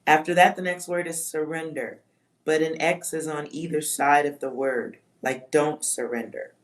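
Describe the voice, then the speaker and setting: A woman's voice: low voice, steady tone, normal speed. A woman doing a live-stream psychic reading for her chat, talking in a musing way, reading out words, spelling some of them and swearing offhand. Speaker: livestream psychic reader.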